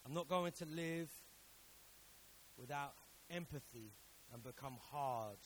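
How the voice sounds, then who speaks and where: A man preaching a sermon who swings between hushed storytelling and loud exhorting, repeating words for emphasis and acting out the voices he quotes. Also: on the high side, slow pace, slight background noise, low-quality recording. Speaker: pastor.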